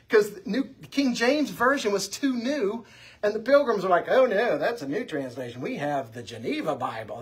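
Husky-voiced man teaching a church class. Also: high-pitched. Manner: conversational, anecdotal, lively delivery. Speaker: Bible teacher.

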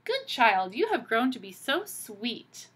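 A woman's voice: a little high, sing-song, slow pace, fairly bright tone, breathy edge, exaggerated voice. A woman voicing a cunning old male wolf who pretends to be a grandmother, speaking in a coaxing, sly way.

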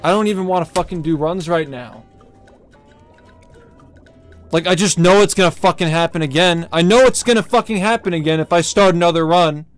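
Streamer rant: man, high voice, furious, constant swearing, repeats every complaint. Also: brisk, faint music behind. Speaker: speedrunner streamer. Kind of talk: angry rant while live-streaming a game.

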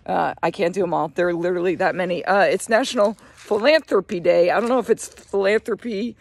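A woman's voice: on the low side, fairly quick, gravelly. A middle-aged woman giving a casual, rambling morning chat to camera, laughing often between her asides. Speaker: vlogger.

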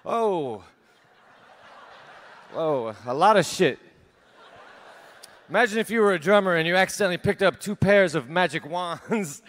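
High-voiced deadpan stand-up comedian man. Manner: deadpan one-liners, trailing off and laughing at himself. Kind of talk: stand-up set. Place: large theater stage, live audience.

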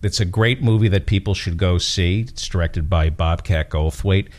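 A man's voice: sits low, normal speed. A middle-aged man hosting an interview, joking dryly about his kids and asking questions. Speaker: podcast host. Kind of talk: interview chat.

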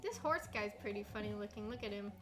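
A young woman co-hosting a casual livestream, excitable and chatty, reading viewer messages aloud. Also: medium pitch, fast talker, over music. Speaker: livestream co-host.

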